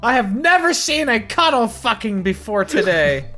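A woman's voice: a little high, sing-song, normal speed, pushed and bright, soft background music. A woman reading cards aloud and laughing with friends over voice chat. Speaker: online card game player. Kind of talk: casual gaming banter.

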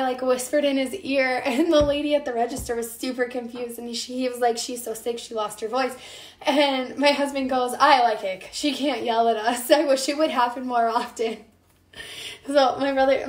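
A chatty young woman from the Midwest runs a casual cooking live stream, her voice still recovering from an illness. Her pitch sits a little on the high side, and she greets viewers by name as she talks. The sound carries a noticeable room echo. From American Midwest.

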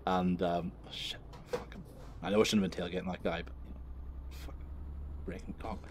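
A man's voice: sits low, steady tone, a little fast, slight background noise. A young man telling a crude, rambling anecdote while he drives, swearing freely and breaking off to laugh, recorded in his car. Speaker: vlogger.

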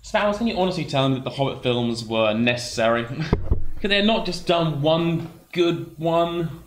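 A man's voice: fairly high pitch, animated, normal speed, reverberant, slight background noise. A man co-hosting a gaming livestream, chatting casually and hesitantly while reading the chat aloud.

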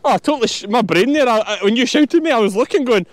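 Scottish farmer vlogging on a windy hill. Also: male voice, very high-pitched, lively intonation, fast talker, dry recording. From Scotland. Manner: chatty, talking to viewers while working dogs. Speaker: sheep farmer and channel host. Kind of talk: outdoor farm vlog commentary. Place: windy hillside outdoors in a storm.

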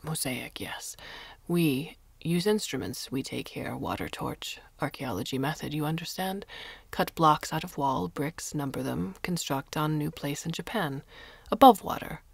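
A woman voicing a calm, stubborn foreign man who speaks halting broken English in a hushed voice. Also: low-pitched, no room sound. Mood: calm insistent. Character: impassive foreign male diver, polite and stubborn.

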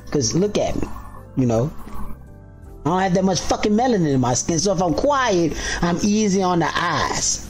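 A man co-hosting a podcast, talking loud and profane in casual chat, telling animated stories. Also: high voice. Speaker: podcast co-host.

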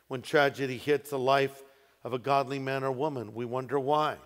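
A pastor preaching a sermon, stressing key phrases and slowing down for emphasis. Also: male voice, mid-range voice, fairly even intonation. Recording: echoey hall with long reverb.

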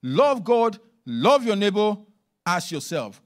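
A man preaches a sermon in a church, his voice set high and leaping across a wide, animated range. He drives points home emphatically, then sinks into hushed asides. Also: slow. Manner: emphatic preaching, swings between loud and hushed. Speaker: minister.

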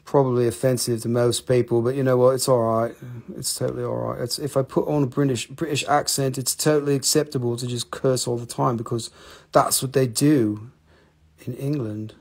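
A man's voice: medium pitch, steady tone, fairly quick, darkish tone. A man hosting a live-stream rock and mineral sale, talking casually into a handheld phone, joking, teasing viewers and swearing freely.

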